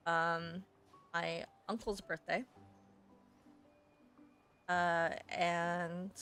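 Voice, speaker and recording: A woman streamer chatting casually and reading a game letter aloud, haltingly, correcting herself and laughing often. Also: lowish voice, a bit bright, clear, resonant tone.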